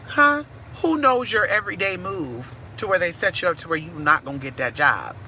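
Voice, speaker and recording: Brash woman reader, bright voice, street-smart and profane, with faint noise behind. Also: fairly low pitch, very animated, normal speed. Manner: sassy, profane, calls listeners honey and girl. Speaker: spiritual reader. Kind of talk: casual live-stream chat with viewers.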